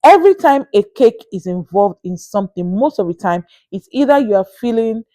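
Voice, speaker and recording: A young Nigerian woman with a Nigerian accent, telling a story to camera in a casual, animated and exasperated way, with sighing asides. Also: medium pitch, fairly quick, no echo. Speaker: vlogger.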